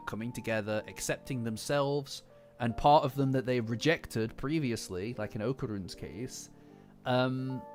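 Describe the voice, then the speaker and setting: A man hosting a casual chapter reaction, breaking into heated, cursing outbursts between calmer reflective stretches. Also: mid-range voice. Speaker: manga reaction host. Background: faint lofi background music.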